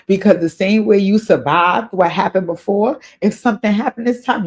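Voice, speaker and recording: A woman's voice: medium pitch, moderate pace, few pauses. Woman, advice show host, casual spoken counsel, earnest, encouraging, repeats key lines. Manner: spiritual advice. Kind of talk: answering a viewer's letter in casual spoken advice. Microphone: off camera, voice only.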